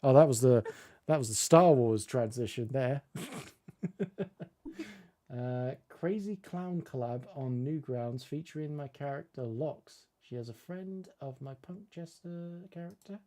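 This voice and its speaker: Brief: male streamer host, mellow and relaxed tone, dry close sound, jokey and laughing. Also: mid-range voice, measured pace, dry recording. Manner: joking, laughs often. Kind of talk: casual live-stream chat.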